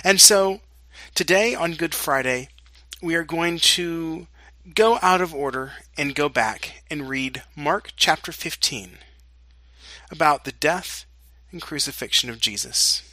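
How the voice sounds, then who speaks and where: A pastor reading a scripture passage aloud in a slow, deliberate way. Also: male voice, fairly high pitch, sharp tone, no room sound. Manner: slow and deliberate reading, with dramatic quoted lines.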